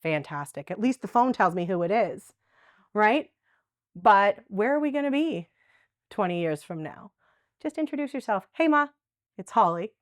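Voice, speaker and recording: A woman's voice: medium pitch, lively intonation, moderate pace, long pauses, no room sound, studio quality. A woman presenting a live dementia workshop, chatty and conversational, often checking in with "right?". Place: workshop room with a live audience.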